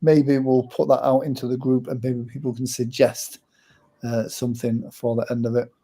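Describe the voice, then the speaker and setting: Mellow-voiced man hosting a casual show. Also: medium pitch, moderate pace, slightly rough. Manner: warm thanks, relaxed, gives shout-outs. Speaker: show host. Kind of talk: casual chat.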